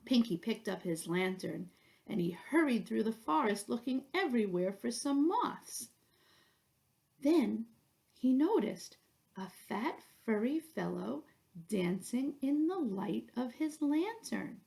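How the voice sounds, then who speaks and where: A woman reading a children's picture book aloud in a slow, expressive way. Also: a little high, vocal fry. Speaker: storyteller.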